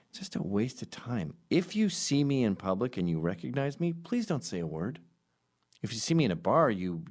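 Deep-voiced man in a rambling comic monologue. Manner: rambling, sarcastic, deadpan asides; jumps into loud high voices for quoted people. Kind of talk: comedic monologue.

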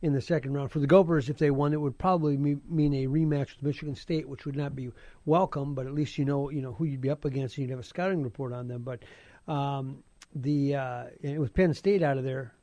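A man's voice: mid-range voice, fairly even intonation, brisk, warm tone, dry recording. A man talking sports on the radio in a casual, rambling way, repeating words as he goes. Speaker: sports analyst.

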